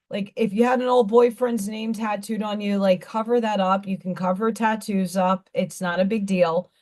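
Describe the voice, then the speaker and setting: A woman hosting a live stream, telling stories in a rambling, candid, blunt way. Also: on the high side. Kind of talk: casual chat.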